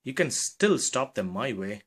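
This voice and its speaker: A man voicing a wise old male owl in a lower, measured, knowing voice. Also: sing-song, husky.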